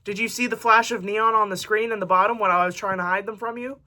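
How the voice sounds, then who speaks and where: A woman's voice: medium pitch, animated, brisk, few pauses, pushed and bright. A woman book vlogger chatting casually to camera, reading book blurbs aloud with jokey asides.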